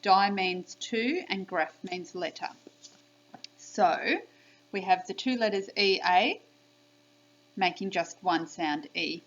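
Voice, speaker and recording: A woman teacher giving a spelling lesson by video to young children, clearly sounding out letters and praising them. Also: lowish voice, slow, pauses often, highs cut off. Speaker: primary school teacher.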